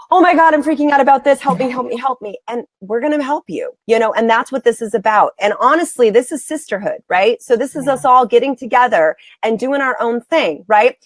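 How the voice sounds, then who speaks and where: Emphatic, higher-voiced woman host. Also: no room sound. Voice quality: bright, emphatic, repeats words for stress. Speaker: host, blogger. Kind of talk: casual live-stream chat.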